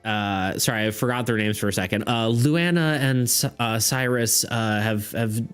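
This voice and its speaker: A man voicing a gentle, motherly female demon healer who speaks softly and soothingly. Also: medium pitch, normal speed, smooth, faint music behind, lightly acted. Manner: soft, soothing, calls listener sweetie.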